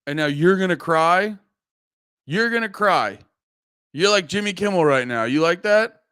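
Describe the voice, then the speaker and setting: This streamer's voice is high, animated, a bit bright and smooth, delivered at a measured pace. Using a close desk mic in a dry, clean studio recording, he chats casually, swears often and teases viewers brashly.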